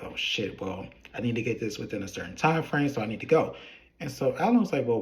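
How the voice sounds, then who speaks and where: A man's voice: medium pitch, a little mellow. Casual man retelling a TV episode. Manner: retells scenes quoting characters with "he was like". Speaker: show recap reviewer.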